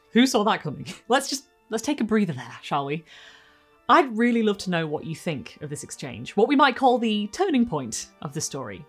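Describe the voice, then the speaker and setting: A woman's voice: medium pitch, moderate pace, breathy edge, faint music behind. A woman hosting a book video, discussing a short story and reading passages aloud expressively. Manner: expressive reading, lively quotes. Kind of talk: book review and read-aloud.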